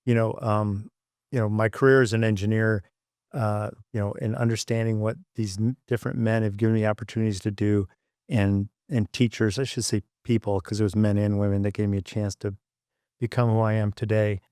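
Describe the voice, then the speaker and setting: A fairly low, clear, resonant voice belongs to a middle-aged podcast guest from Michigan who used to be an engineer. He talks fairly quickly, telling interview stories with lively impressions of the people he quotes, in studio-quality audio without room sound.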